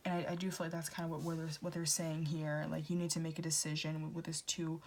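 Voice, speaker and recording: A woman's voice: deep voice, flat delivery, fast talker, a little mellow, slight background noise. A woman in her twenties giving a blunt, rambling pick-a-card tarot reading, full of restarts and fillers, swearing freely. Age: 20s. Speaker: tarot reader.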